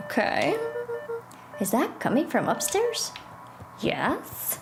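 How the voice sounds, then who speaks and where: A woman's voice: a little high, unhurried, music in the background. Giggly woman streaming a game. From Portugal. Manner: chatty, giggly, animated. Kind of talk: live game stream commentary. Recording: echoey room with faint noise.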